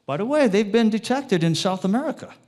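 A man's voice: sits high, animated, a little fast, darkish tone. A man giving an informal, rambling lecture to a live audience, often checking in with tag questions and wandering off into side topics. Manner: rambling, digressive delivery with restarts.

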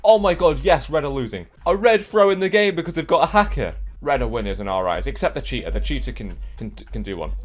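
A young man commentating a game he is playing, excitable, yelping and swearing at other players, then muttering to himself. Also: medium pitch, fast, few pauses. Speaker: gaming YouTuber. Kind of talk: let's play commentary.

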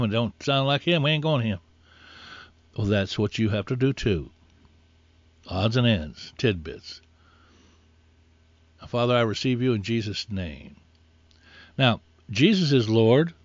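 A man's voice: medium pitch, big pitch swings, normal speed, no room sound. Earnest preaching man, dull dry sound. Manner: earnest, repetitive exhortation with spoken prayers. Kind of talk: sermon.

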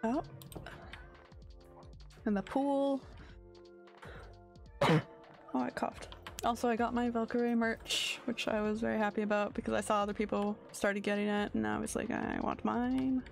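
This game streamer is a woman with a voice on the high side that barely shifts in pitch, carrying vocal fry at normal speed. She pauses often, rambles sleepily through casual gameplay commentary while hunting for words, and faint music sits in the background.

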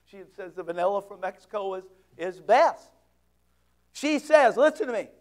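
A man preaching a sermon as pastor, conversational and joking, swinging between loud and hushed. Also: high-pitched, animated, normal speed.

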